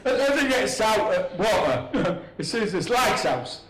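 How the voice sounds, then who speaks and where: Taking it slowly, a very animated man with a high-pitched voice does stand-up, rambling through crude jokes and laughing at his own punchlines. It's at a comedy venue with a live audience, recorded in an echoey room with crowd laughter.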